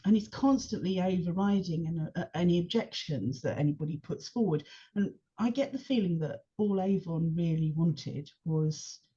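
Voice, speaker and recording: A woman talks as a guest on a podcast, her voice husky and on the low side. She chats casually and with energy, walking through scenes she remembers. The recording sounds a little dull and lo-fi. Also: moderate pace, few pauses. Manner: engaged, animated retelling of scenes. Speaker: podcast guest, longtime fan. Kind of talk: casual chat.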